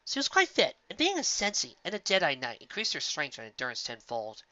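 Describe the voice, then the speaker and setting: A man's voice: a little high, huge pitch swings, brisk, sharp tone, dry recording. A man reading fan fiction aloud in a plain way, with small slips and restarts. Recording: dull lo-fi recording.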